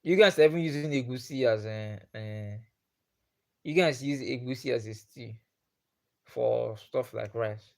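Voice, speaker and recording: A man's voice: medium pitch, measured pace, gravelly, a little mellow. A man with a Nigerian accent, chatting on a live stream and putting the same questions to his viewers again and again. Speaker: livestreamer.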